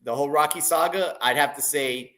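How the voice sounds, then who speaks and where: A man in casual chat who talks haltingly with lots of restarts, sounding enthusiastic. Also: fairly high pitch, fairly bright tone.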